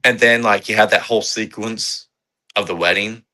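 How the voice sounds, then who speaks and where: A man co-hosting a podcast, reviewing movies in casual, excitable chat, swearing freely and rambling with fillers. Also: lowish voice, moderate pace. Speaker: podcast co-host.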